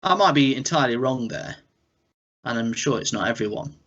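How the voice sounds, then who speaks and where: A man's voice: medium pitch, lively intonation, brisk, fairly bright tone. An English man co-hosting a cartoon podcast in casual chat, musing and hedging his opinions. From England. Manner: musing, self-doubting, hedges his opinions. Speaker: podcast co-host. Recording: dull lo-fi podcast audio.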